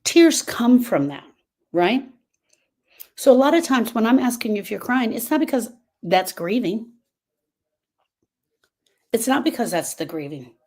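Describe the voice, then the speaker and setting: A woman's voice: medium pitch, a little mellow, slightly rough. A woman grief coach talking casually to viewers on a live stream, earnest and repeating herself as she drifts off topic.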